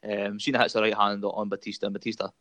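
A man's voice: lowish voice, little pitch movement, fast, fairly bright tone, no room sound. A Scottish man hosting a casual chat, rambling with many fillers and frequent laughs. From Scotland. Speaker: podcast host.

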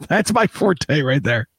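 A man's voice: on the high side, fairly bright tone, husky, dry recording. A man hosting a casual show from his home studio, sarcastic and playful, often laughing at callers. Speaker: host. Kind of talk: casual online talk show. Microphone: studio mic.

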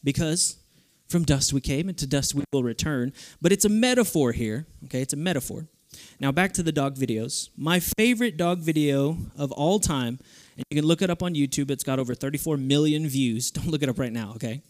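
A young man delivers a sermon to a youth group in a lively, playful way. His voice sits a little high for a man. His delivery is animated and casual. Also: a little fast. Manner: lively, playful, switches into goofy voices for stories. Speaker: youth speaker.

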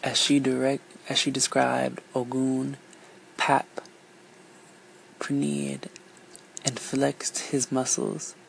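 A storyteller reading a folk tale aloud, unhurried and lilting, switching voices for each character. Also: mid-range voice, monotone, gravelly, a little hiss or hum, poor audio.

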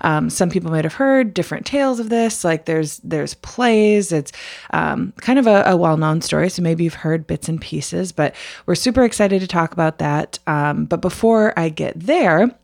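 A woman's voice: fairly low pitch, normal speed, vocal fry, darkish tone, no echo, studio quality. A woman hosting a podcast, upbeat with many fillers, chatting and then telling a story. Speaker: podcast host. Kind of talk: casual chat and storytelling.

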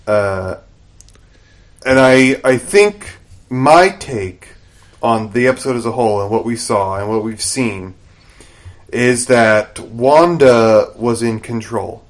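A man co-hosting a podcast speaks slowly at medium pitch as he casually recaps a TV episode. His retelling is lively, and he performs the characters' dialogue as he goes.

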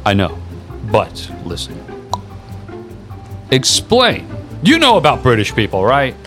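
A man's voice: medium pitch, huge pitch swings, normal speed, fairly bright tone, soft background music. A man co-hosting a casual podcast chat, joking crudely and swearing a lot. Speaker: podcast co-host.

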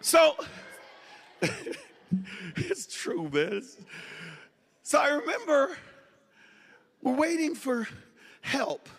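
High, bright-voiced man doing stand-up. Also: very slow, vocal fry, long pauses, in a large hall. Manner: animated, shouts punchlines, drawls quoted voices. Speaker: stand-up comedian. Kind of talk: stand-up storytelling.

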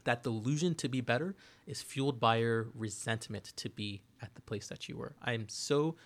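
A man's voice: medium pitch, normal speed. Emphatic man in podcast chat. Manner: animated, emphatic, keeps asking "right?". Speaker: podcast host.

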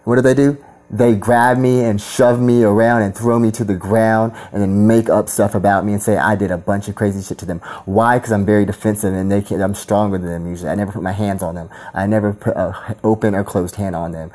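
A man delivering a crude, combative rant full of repeated insults. His voice sits low with a dark, mellow tone. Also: fairly even intonation, a little fast. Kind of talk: angry profane rant.

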